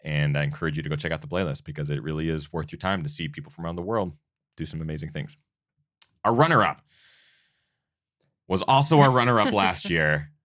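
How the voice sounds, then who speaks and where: Show host, very low voice, earnest and rambling, casual delivery. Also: male voice, a little fast, pauses often, a bit bright, no room sound, clean studio sound. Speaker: host of a running channel. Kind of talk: casual awards show chat.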